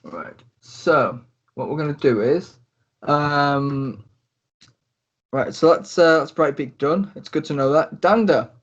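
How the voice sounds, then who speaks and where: A man narrating a tabletop role-play as game master, rambling with many pauses and restarts. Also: a little high, animated. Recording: dull lo-fi recording.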